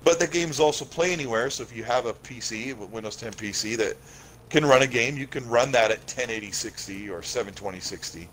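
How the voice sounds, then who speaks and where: A man's voice: medium pitch, a little fast, a bit bright, rough recording. Enthusiastic male gaming guest, hissy audio. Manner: enthusiastic, explains gaming tech in detail. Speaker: guest commentator. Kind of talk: casual chat.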